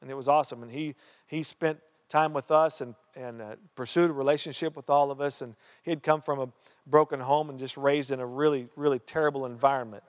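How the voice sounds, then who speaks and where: A man's voice: medium pitch, steady tone, a little fast. A man preaching a sermon as pastor, telling a story in an earnest way and repeating key phrases. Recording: long hall reverb.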